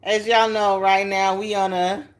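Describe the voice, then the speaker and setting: A woman's voice: mid-range voice, level tone, a little slow. Chatty woman hosting a home cooking stream. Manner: chatty, laughs often, talks to viewers. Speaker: cooking show host. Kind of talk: casual live cooking stream. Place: home kitchen. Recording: echoey kitchen, faint noise.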